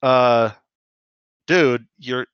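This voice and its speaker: Extremely slow in delivery, this man has a mid-range, slightly bright, clean-toned voice as he co-hosts a casual podcast and chattily recaps a cartoon episode, voicing the characters' lines. It's a dry recording with a slightly dull mic sound.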